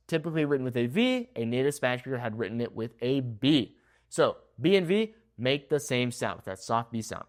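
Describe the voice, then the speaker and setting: A young man teaching Spanish pronunciation, saying example words slowly and repeating them. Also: mid-range voice. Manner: lively, drawn-out word demonstrations. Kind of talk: pronunciation lesson. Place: in Mexico.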